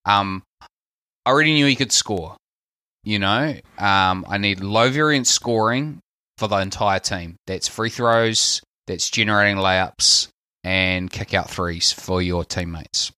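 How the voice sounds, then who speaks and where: A man's voice: on the low side, a little slow, sharp tone, smooth, dry recording, studio quality. A man with a New Zealand accent, a podcast guest talking in a thoughtful, hedging way that breaks into easy laughs, joining over a remote call. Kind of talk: casual analytical chat.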